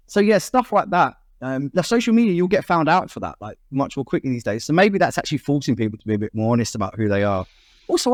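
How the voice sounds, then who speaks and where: MC guest, quick and frank, bright-ish voice, dry close sound. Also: male voice, on the high side, dry recording. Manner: animated, chatty and frank. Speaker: podcast guest, MC and vocalist. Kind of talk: casual chat.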